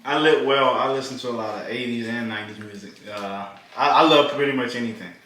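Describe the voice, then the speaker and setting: A man's voice: mid-range voice, a little fast, pushed and bright. A man chatting casually during a mukbang, joking and laughing easily, often restarting his sentences. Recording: very echoey room, faint noise.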